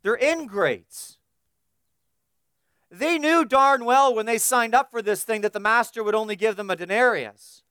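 A man's voice: very high voice, unhurried, sharp tone, clear, resonant tone, dry recording. Male preacher with a resonant voice, dry close sound, builds emphatic repeated lists. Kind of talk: expository sermon.

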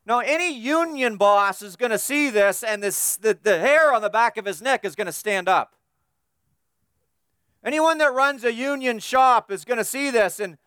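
High, smooth-voiced male preacher. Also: expressive, normal speed, sharp tone, dry recording, studio quality. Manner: emphatic, repetitive, building through lists. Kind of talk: expository sermon.

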